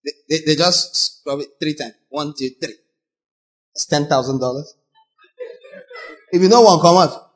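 A Nigerian pastor preaching in a lively, theatrical way. His voice sits high for a man, and he jumps between mocking little voices and sudden shouts. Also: normal speed, long pauses. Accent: Nigerian English. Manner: animated, acts out voices and mocks, sudden shouts. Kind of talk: sermon.

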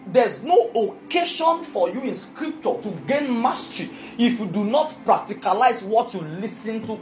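Emphatic and constantly questioning the congregation about whether they follow, the preacher speaks in a mid-range, somewhat mellow voice. The recording is dull and lo-fi.

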